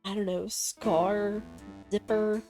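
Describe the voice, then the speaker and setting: A woman's voice: medium pitch, flat delivery, slow, dark tone. A woman streamer chatting casually through a game playthrough, musing aloud as she plays. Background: game music.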